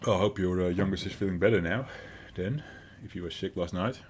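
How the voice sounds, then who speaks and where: A man's voice: low voice, fairly quick, slight background noise. A man in his thirties with a Dutch accent, chatting casually with his stream chat, rambling with fillers as he answers them. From Netherlands.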